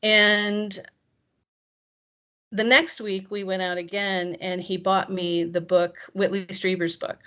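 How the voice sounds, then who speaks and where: A woman guest tells her own story with energy and drama. She slips in and out of the voices of the people in it. Her voice sits at a middle pitch. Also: slow pace. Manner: animated, acts out quoted dialogue. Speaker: interview guest. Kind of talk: personal storytelling.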